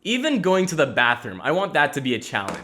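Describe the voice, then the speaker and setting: Bright-voiced rambling podcast host. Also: male voice, a little high, fast, slight background noise. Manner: rambling, animated storytelling, swearing and laughing. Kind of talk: casual solo podcast monologue.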